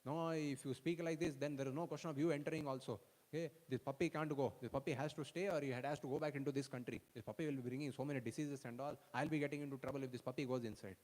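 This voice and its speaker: A man's voice: mid-range voice, animated, fast, hardly any pauses, warm tone, big-room sound, lightly acted. A man voicing a stern male border guard who firmly refuses to bend. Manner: firm, dismissive refusals.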